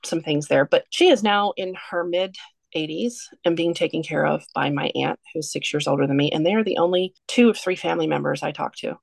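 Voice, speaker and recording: A woman's voice: low voice, brisk, creaky, no echo. A woman guest on a podcast, telling a personal story in a candid, earnest way. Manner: candid, earnest, steady through a heavy story.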